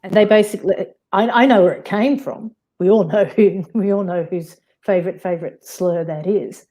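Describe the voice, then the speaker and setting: A woman with an Australian accent, a guest on a live-stream panel, argues insistently in a heated but casual exchange, restarting her sentences often. Her voice is warm, medium-pitched, and moderately paced.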